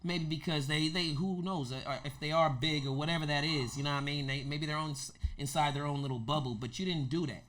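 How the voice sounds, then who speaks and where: A man hosting a podcast in casual chat, animated and repeating himself as he talks. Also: fairly high pitch, brisk, few pauses. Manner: animated, repeats words, says "you know what I mean". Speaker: podcast host.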